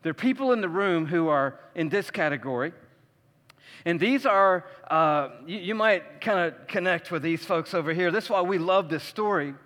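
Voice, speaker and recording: A male pastor preaches in a large hall, his high, bright voice trailing a long reverb. He tells the story with lively animation and slips into the voices of its characters. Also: normal speed. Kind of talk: sermon.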